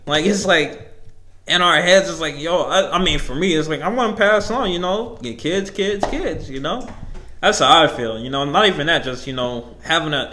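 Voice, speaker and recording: A young man of nineteen talks alone into his podcast mic. His talk is loose and rambling and full of swearing, and he laughs often between lines. His voice sits a bit higher than most men's. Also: bright, forceful tone, echoey room. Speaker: podcast host. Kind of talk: casual solo podcast storytelling.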